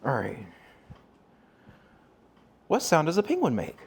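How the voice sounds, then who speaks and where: A man's voice: fairly high pitch, wildly swooping pitch, takes it slowly, vocal fry, breathy edge. A man streaming live from his kitchen, chatting with viewers and rambling as he cooks. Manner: chatty, asks viewers questions, rambles while working. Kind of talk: casual live-stream chat.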